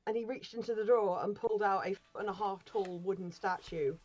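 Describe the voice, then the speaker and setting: A woman's voice: mid-range voice, a little fast, a little mellow, muffled recording. A woman co-hosting a game stream, telling anecdotes in a chatty way with plenty of ums and laughing through her stories. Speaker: stream co-host. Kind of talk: casual storytelling chat.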